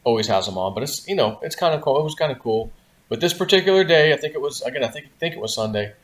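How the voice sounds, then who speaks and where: A man's voice: mid-range voice, lively intonation, fast. A man hosting a vlog, telling a story in a casual, rambling way, full of "you know" and "like". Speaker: vlog host.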